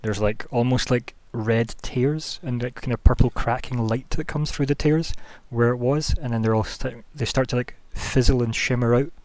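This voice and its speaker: A man's voice: medium pitch, normal speed, hardly any pauses, a little mellow, no room sound. A man narrating as game master of a tabletop game, rambling through scene descriptions with lots of fillers.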